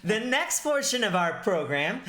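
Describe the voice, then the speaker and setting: A man's voice: high-pitched, very animated, measured pace, bright, forceful tone, echoey room, poor audio. A man hosting a live aftershow, playful and teasing with his guests. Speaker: host.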